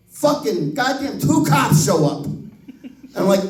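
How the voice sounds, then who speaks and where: A middle-aged man doing stand-up storytelling on a comedy club stage, animated and profane, laughing through the story. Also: extremely high pitch, moderate pace. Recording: echoey club room from a distance.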